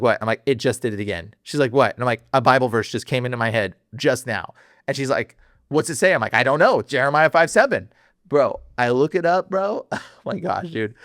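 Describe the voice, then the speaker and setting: A man in the middle of pitch, recorded close and dry, telling a personal story as a podcast guest. He talks in a casual, slangy way, full of fillers, and laughs often. His voice jumps high whenever he gets worked up. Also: no echo. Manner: voice jumps high when excited.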